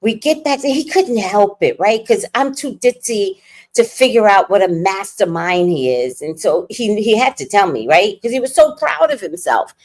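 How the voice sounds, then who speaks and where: A woman, hosting her own stream and telling a family story in a blunt, slangy, animated way. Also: mid-range voice, moderate pace. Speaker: livestream host. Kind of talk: casual storytelling chat.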